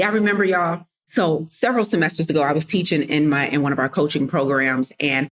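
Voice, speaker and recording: A woman's voice: sits low, steady tone, a little fast, few pauses. A woman hosting a casual motivational podcast, talking straight to her listeners and acting out what people said. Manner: conversational, addresses listeners as y'all, drops into quoted voices. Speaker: podcast host and coach.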